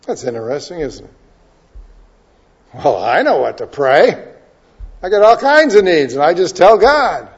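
Male pastor, high voice, conversational expressive sermon, dull lo-fi recording. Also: unhurried, long pauses, breathy edge. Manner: conversational, expressive preaching with wide swings in loudness.

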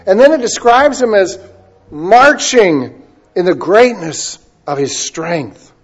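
A male preacher giving a sermon, moving between loud emphasis and quiet asides and stretching key words out slowly. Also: high voice, expressive, breathy edge. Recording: dull lo-fi recording.

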